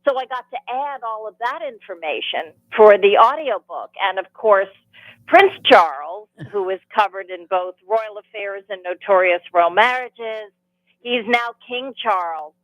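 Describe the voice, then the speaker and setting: A woman, an author and audiobook narrator, telling animated stories as a guest in a radio studio interview. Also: mid-range voice, measured pace, no room sound, dull audio. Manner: animated storytelling, rambling with restarts.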